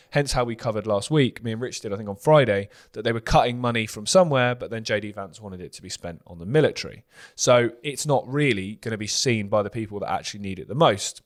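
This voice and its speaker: A man co-hosting a news commentary show, talking earnestly in long run-on points. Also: medium pitch.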